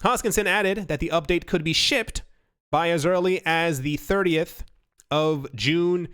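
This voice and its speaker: A man's voice: a little high, measured pace, a bit bright, clean tone. A man hosting a casual crypto news commentary, rambling and restarting his sentences often. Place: home recording setup. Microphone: studio mic.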